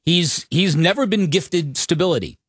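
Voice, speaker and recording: A man co-hosting sports talk radio, rambling and halting with many restarts. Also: on the high side, expressive, fairly bright tone, husky, no echo, clean studio sound.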